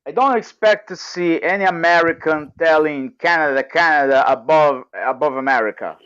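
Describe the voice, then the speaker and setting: A man's voice: fairly high pitch, moderate pace, a bit bright, clean tone, no room sound. Opinionated guy cutting in on a video call chat, dull dry audio. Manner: blunt, interrupting, opinionated. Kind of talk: casual group chat. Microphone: online call.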